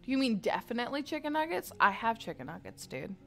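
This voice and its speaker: A young adult woman streamer chatting casually, telling rambling, animated stories full of filler words. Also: a little high, quick pace, vocal fry, faint music behind. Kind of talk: casual storytelling chat.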